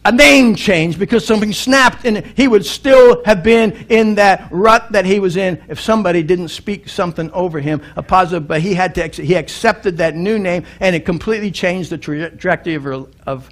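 Male pastor, middle-aged, sermon, earnest storytelling, emphatic, restarts and repeats words, somewhat high voice. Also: moderate pace, hardly any pauses. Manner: earnest, building to emphatic exhortation.

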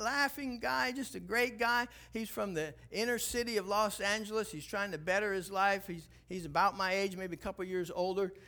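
Older guy preaching, high voice, tells stories, acts out all the dialogue, gets loud. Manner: animated storyteller, acts out dialogue, rises to loud exhortation. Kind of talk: sermon storytelling.

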